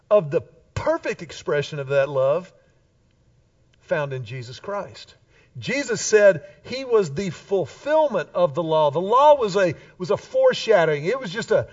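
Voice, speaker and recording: A man preaching a Sunday sermon to his congregation in a church, animated and playful with humorous asides. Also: high-pitched, far from the mic, highs cut off. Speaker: pastor. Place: church sanctuary.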